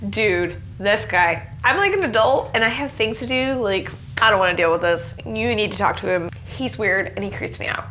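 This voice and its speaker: A woman's voice: medium pitch, lively intonation, normal speed, hardly any pauses, bright, forceful tone, a little hiss or hum. A woman doing an exasperated young officer. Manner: exasperated, valley-girl slang.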